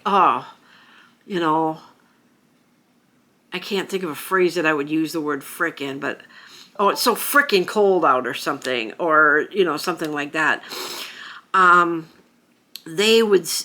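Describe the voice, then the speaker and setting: A woman's voice: low-pitched, measured pace, pauses often, sharp tone. An American woman talking casually to camera as a vlogger, chatty, with frequent fillers and small laughs. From United States.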